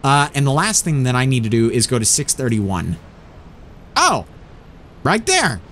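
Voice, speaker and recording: A man hosting a let's play, talking through the game in an animated, self-mocking way. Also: medium pitch, measured pace, pauses often. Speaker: gaming channel host.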